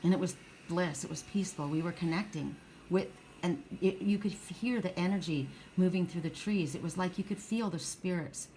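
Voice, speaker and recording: Middle-aged woman card reader with a low voice, chatty and meandering, faint background noise. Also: normal speed. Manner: rambling, warm storytelling with many restarts. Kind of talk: casual spiritual card reading.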